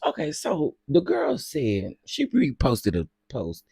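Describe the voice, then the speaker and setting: A man hosting a casual gossip commentary, sassy and dramatic, who often bursts into loud laughter. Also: medium pitch, huge pitch swings, slow pace, vocal fry, husky, no room sound, studio quality.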